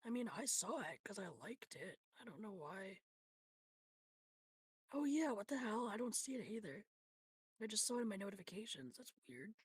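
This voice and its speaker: A woman's voice: mid-range voice, sing-song, moderate pace, long pauses, slightly rough, dry recording. A woman livestreaming a game at her home computer, chatting casually with her audience, swearing freely and often dropping into whispered asides. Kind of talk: casual stream chat while gaming.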